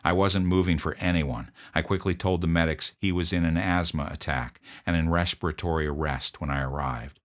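A man narrating a first-person account of an emergency call, in a steady, measured telling. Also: sits low. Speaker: first responder recounting a call.

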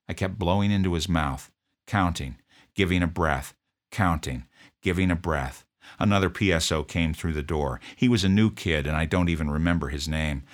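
A man narrating a first-person account of an emergency call, in a steady, measured telling. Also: rumbling low. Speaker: first responder recounting a call.

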